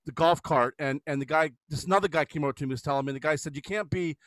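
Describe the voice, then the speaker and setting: A man's voice: fairly high pitch, steady tone, racing, fairly bright tone, no echo. A middle-aged father telling a rambling golf story in casual chat, restarting sentences and laughing.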